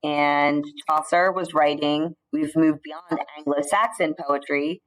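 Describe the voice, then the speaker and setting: A woman teacher giving a recorded slide lecture, explaining in a measured way with the odd filler and restart. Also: low-pitched, steady tone, slight background noise, rough recording.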